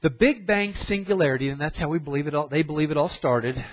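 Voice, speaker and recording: A man's voice: a little high, fast talker, poor audio. A middle-aged man preaching a sermon, emphatic and repeating phrases for stress.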